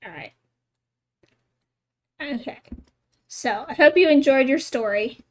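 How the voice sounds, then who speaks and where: Giggly high-voiced woman streamer. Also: expressive, takes it slowly. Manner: giggly, amused asides. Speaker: game streamer. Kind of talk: casual chat and reading a story aloud.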